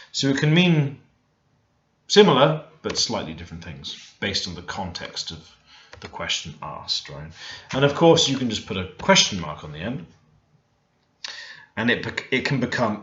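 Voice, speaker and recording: A man teaching beginner vocabulary in a relaxed, thinking-aloud way, often stopping to correct himself. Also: on the low side, moderate pace. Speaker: language learner teaching Korean. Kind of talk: screen-recorded language lesson. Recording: roomy, dull lo-fi screen recording.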